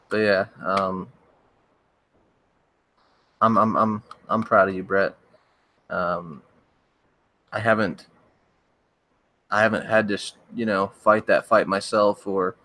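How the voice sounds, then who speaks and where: A young man, a horror story narrator, chatting casually on a livestream, rambling and hesitant, his voice cracking and needing throat-clearing now and then. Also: lowish voice, pushed and bright, dry recording. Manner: rambling, hesitant, with many restarts and fillers.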